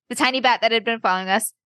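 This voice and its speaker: Bright high-voiced woman recapping a game. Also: fast, dry recording. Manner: laughing, swearing, loose and joking. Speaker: player and co-host. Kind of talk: casual recap of a game session.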